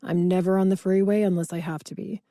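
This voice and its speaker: A woman's voice: on the low side, fairly even intonation, fast talker, dark tone, no echo, clean studio sound, close to an everyday voice. Woman doing a self-assured, teasing rich man. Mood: easy. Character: wealthy confident man, teasing and protective.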